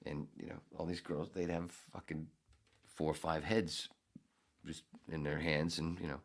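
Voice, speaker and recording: Super deep-voiced guy on his podcast, swearing a lot, sarcastic rambling story. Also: flat delivery, moderate pace. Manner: profane, sarcastic storytelling with loud acted-out outbursts. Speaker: podcast host. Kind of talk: casual storytelling monologue.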